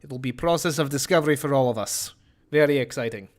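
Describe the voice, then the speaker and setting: A man streaming a game, talking in a put-on comedy Russian accent that drops articles in a deadpan way. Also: mid-range voice, fast talker, close to an everyday voice. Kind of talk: live-stream commentary.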